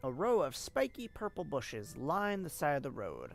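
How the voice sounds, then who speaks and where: A streamer reading a game's narration aloud on a live stream, unhurried and expressive, with casual asides. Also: mid-range voice, faint music behind.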